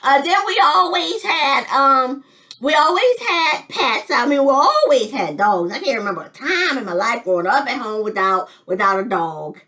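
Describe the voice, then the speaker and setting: A woman's voice: high-pitched, very animated, normal speed, sharp tone, recorded from a distance. A woman from Detroit telling rambling childhood stories in a casual way, jumping between memories and chuckling often. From Detroit, United States. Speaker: vlogger telling family memories. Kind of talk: casual storytelling.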